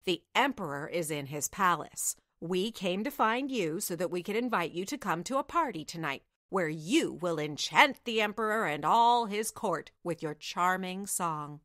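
A woman voicing a pompous male knight of the court who speaks in an effusive, booming way. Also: animated, normal speed, hardly any pauses, fairly bright tone, no room sound, studio quality. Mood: admiring. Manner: booming, effusive, self-important.

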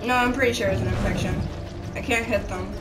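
A young woman narrating her own video game in a mock nature-documentary style, slipping between hushed narration and casual reactions. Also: mid-range voice, fast. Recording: roomy, distant mic under loud game music.

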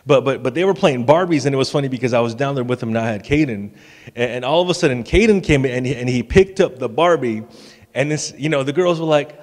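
A man's voice: mid-range voice, brisk. A man in his thirties, a pastor giving a sermon in a casual, joking way with stammered restarts. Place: church sanctuary. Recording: long church hall reverb.

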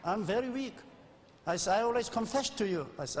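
Earnest high-voiced man in his sixties, preaching. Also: animated, a little fast. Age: 60s. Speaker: pastor. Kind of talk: sermon. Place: church sanctuary. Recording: old VHS recording with long reverb.

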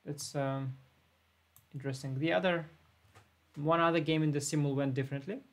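Laid-back man with a gravelly voice. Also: a little high, fairly even intonation, moderate pace. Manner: laid-back, thinking aloud. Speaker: chess player giving an online simul. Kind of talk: live-stream commentary while playing.

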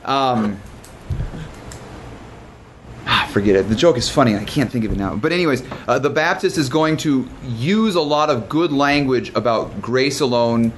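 A man who is a pastor leading a Bible study in a casual, conversational way, talking quickly with restarts and joking asides. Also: medium pitch, slight background noise.

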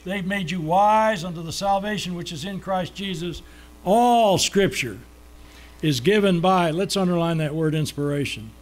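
In his sermon, the man raises questions and answers them, dragging out the words he wants to stress. He speaks in a high voice.

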